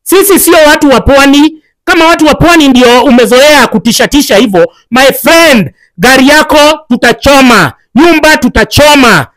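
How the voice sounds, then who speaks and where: A woman's voice: sits high, expressive, normal speed, hardly any pauses, fairly bright tone, no echo, low-quality recording. A woman with a Kenyan accent delivering an angry, insulting political rant, mixing in Swahili and swearing often. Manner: furious, insulting, profane, mixes English and Swahili.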